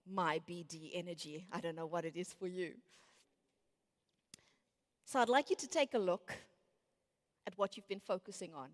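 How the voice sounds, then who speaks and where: A woman in her late thirties giving a motivational conference talk, acting out her inner voices as she tells stories. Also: on the low side. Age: 30s. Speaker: conference speaker. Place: large conference hall. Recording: reverberant large hall.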